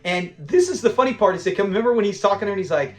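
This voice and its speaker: A man's voice: high voice, lively intonation, rapid-fire. A man hosting a casual episode breakdown, talking in an enthusiastic, rambling fan style. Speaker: host of a show-review channel.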